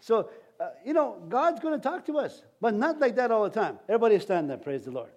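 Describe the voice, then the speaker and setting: A man's voice: very high-pitched, sing-song, fairly quick, a little mellow. A man preaching a sermon as pastor, in a folksy, rambling way with many restarts.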